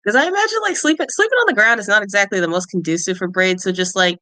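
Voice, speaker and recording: A woman playing a character in a tabletop game, talking in a lively, playful way and laughing often. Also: mid-range voice, fast, no room sound. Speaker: player.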